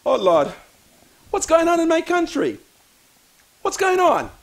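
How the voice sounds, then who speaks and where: A man with a Bahamian accent giving impassioned political commentary, preacher-like, repeating lines for emphasis and rising to shouts. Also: very high-pitched, sing-song, measured pace, gravelly.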